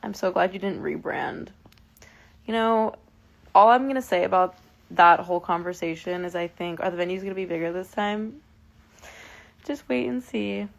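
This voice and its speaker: A woman's voice: medium pitch, moderate pace, gravelly, pauses often. A woman in her twenties chatting casually with fans on a live stream from her phone, emotional and full of fillers and restarts. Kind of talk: casual livestream chat with fans.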